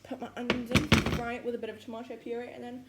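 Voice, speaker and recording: A fast-talking young woman with a fairly high pitch and level tone vlogs casually from her home kitchen while cooking. She rambles, giggles, and says "like" and "literally" constantly, yawning often from tiredness, in an echoey room with faint noise in the background.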